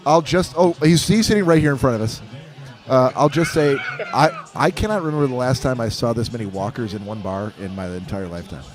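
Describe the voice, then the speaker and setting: A man's voice: medium pitch, fairly quick. A man co-hosting a podcast in casual banter, stammering and repeating words as he starts his sentences. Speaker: podcast co-host. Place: bar during a football game.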